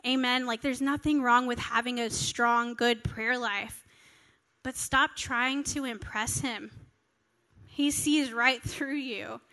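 A woman's voice: fairly high pitch, steady tone, slow, pushed and bright. A woman in her thirties giving an earnest, conversational sermon at a family church service. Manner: earnest, conversational, acts out quoted prayers. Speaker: pastor. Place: church hall. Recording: reverberant hall.

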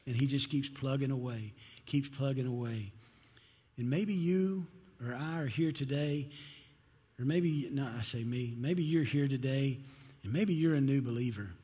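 A man's voice: medium pitch, warm tone, breathy edge, in a large hall. A man preaching a sermon in church, telling a story and acting out its characters. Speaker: pastor.

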